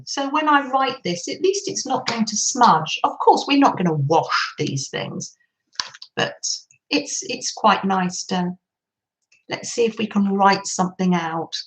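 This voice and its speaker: A woman hosting a live craft stream, chatting gently with viewers, greeting them by name and laughing softly as she works. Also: medium pitch, expressive, unhurried, poor audio. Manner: soft frequent laughter. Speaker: craft livestream host.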